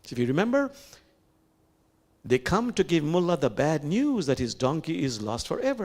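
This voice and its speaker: Male imam preaching, lively rising and falling voice, reflective with whispered asides. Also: a little high. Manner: reflective, slow with pauses, drops to whispers. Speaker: imam giving a sermon. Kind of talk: sermon.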